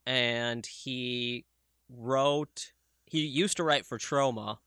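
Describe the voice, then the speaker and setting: A man's voice: mid-range voice, very slow, bright, forceful tone, clear, resonant tone, no room sound, clean studio sound. A man co-hosting a podcast in casual chat, talking enthusiastically and swearing freely. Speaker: podcast co-host.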